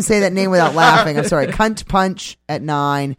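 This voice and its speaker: Dude hosting a radio show, lots of uhs, reading off gig dates, kinda high voice, dry. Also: male voice, moderate pace, a bit bright, no echo. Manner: rambling, many fillers, reads gig listings. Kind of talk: casual talk radio chat.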